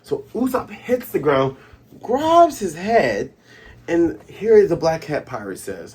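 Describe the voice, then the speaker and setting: A man hosting a casual comic recap, animated, breaking into sound effects and character voices. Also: a little high, takes it slowly, breathy edge. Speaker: comic reviewer and host.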